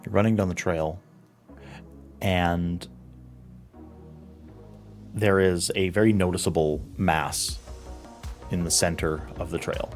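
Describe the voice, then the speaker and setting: A man narrating as game master, telling a grim scene in a measured, solemn way. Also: low voice, steady tone, faint music behind. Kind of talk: slow dramatic narration of a nightmare scene.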